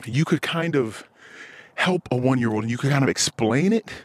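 A man's voice: medium pitch, lively intonation, moderate pace, breathy edge, no echo. A man hosting a podcast, venting in a blunt, profane, frustrated casual monologue. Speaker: podcast host.

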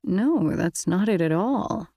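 A woman's voice: medium pitch, lively intonation, takes it slowly, dark tone, no echo, clean studio sound. A woman reading an earnest teenage boy. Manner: earnest, reassuring.

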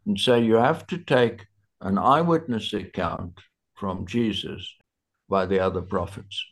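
A man teaching a Bible study in conversation, slow and searching for his words with many fillers. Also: on the low side, slightly rough.

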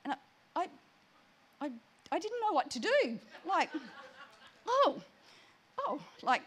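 A woman telling a personal prayer story in an animated, chatty sermon. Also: very high voice, normal speed, a little hiss or hum. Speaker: preacher.

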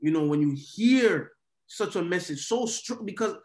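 Man, fairly high voice, conversational churchgoer who makes his point with examples. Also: lively intonation, measured pace, darkish tone. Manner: conversational, explains with vivid examples. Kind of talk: casual faith conversation.

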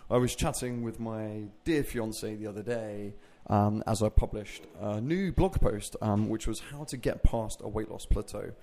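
A man's voice: fairly low pitch, normal speed, hardly any pauses, dark tone. A man hosting his own fitness podcast, chatting casually in a rambling way with self-mocking jokes. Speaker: podcast host and fitness coach. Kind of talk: casual solo podcast chat.

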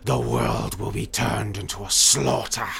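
A man voicing a menacing mechanical automaton, speaking in slow, threatening pronouncements. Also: lowish voice, sing-song, creaky, a bit bright, full character voice. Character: menacing mechanical automaton, clanking armored construct.

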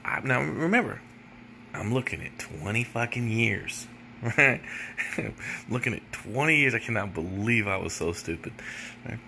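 A man's voice: on the low side, lively intonation, unhurried, vocal fry, sharp tone, slight background noise. A man telling a casual story in a blunt, profane way, often checking in with "right?". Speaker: storyteller giving jail advice.

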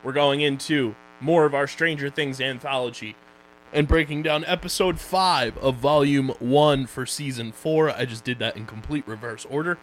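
A man's voice: mid-range voice, moderate pace. Man hosting a casual podcast, faint hum. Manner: loose and joking, reads plugs and sponsor reads. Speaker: podcast co-host.

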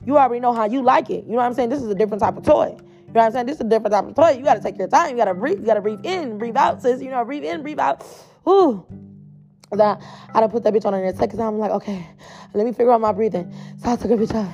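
Woman with a gravelly voice doing a blunt, cussing storytime vlog, chatty, faint music in back. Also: fairly high pitch, racing, dark tone, dull audio. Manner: blunt, profane, chatty, speaks straight to the listeners. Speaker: storyteller addressing her viewers.

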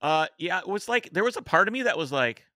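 A man in his thirties co-hosting a podcast, telling a story in a casual, animated way. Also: high-pitched, fast talker, dry recording, studio quality. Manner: animated storyteller, mimics voices in quotes. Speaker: podcast co-host.

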